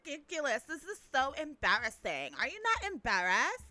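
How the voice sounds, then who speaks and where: Woman impersonating snooty, squealing girl fans; very high and swooping. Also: huge pitch swings, takes it slowly, pushed and bright, no room sound, full character voice. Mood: disdainful.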